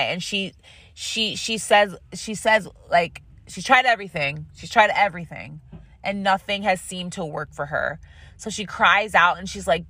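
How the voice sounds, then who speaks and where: Animated woman host telling a story. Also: on the low side, a little slow, no echo. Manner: animated, rambling, frequent restarts. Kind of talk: casual storytelling talk.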